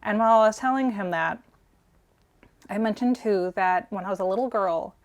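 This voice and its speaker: A woman's voice: mid-range voice, moderate pace. Sentimental woman in her forties gushing. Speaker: collector co-host. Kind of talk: casual vlog storytelling.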